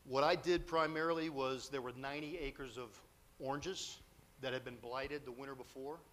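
A man telling a lively personal story in a sermon, acting out the dialogue as he goes. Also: medium pitch, normal speed. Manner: animated storyteller, acts out quotes, grows loud and excited.

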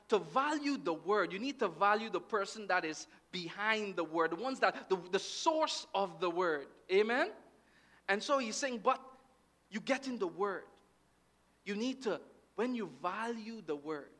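A man from Guyana delivers a sermon in a high, bright, forceful voice. He talks in an engaged, back-and-forth way, often asking the congregation for an "amen" or a "right.". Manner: lively, with call-and-response "amen" and "right" checks. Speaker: preacher.

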